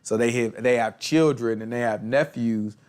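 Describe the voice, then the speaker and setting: A man teaching a casual Bible study, explaining the text in slangy, animated talk and acting out bits of street dialogue. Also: medium pitch, normal speed, clear, resonant tone.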